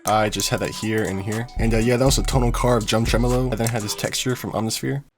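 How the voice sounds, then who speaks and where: A man hosting a music production tutorial, talking casually through each step with lots of fillers. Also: lowish voice. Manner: relaxed, fast, filler-heavy walkthrough. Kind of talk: casual screen-recorded tutorial. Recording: beat music playing under voice.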